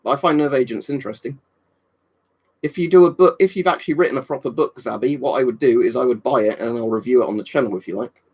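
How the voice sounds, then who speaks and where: A young man hosts a relaxed live stream, talking off the cuff. His voice is husky and breathy. He swears freely and rambles from one reply to the next. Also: medium pitch, fast talker, lo-fi sound. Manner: rambling, swears a lot, reads and answers chat. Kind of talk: casual live-stream chat.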